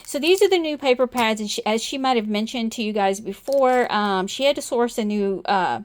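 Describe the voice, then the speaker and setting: A woman's voice: a little high, animated, moderate pace. A woman hosting a casual crafting video, chatting bubbly and self-deprecating as she shows products at her desk at night. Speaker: crafting channel host.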